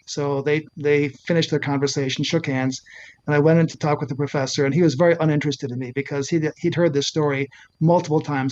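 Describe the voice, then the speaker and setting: An older man, a physician telling a personal story in an interview, earnest and halting, often restarting his sentences. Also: a little high, steady tone, a little mellow, lo-fi sound. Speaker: physician and author.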